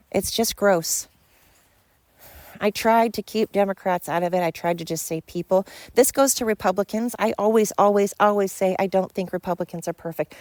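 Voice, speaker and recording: In this opinionated podcast rant, the female host is blunt, fired up, and swears freely. She speaks with a lowish, darkish-toned voice, and there is no echo.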